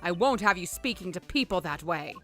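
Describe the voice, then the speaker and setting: A woman's voice: on the low side, animated, fairly quick, faint music behind, natural voice. A woman voicing a strict mother who is a judge, lecturing her son sternly. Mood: scolding.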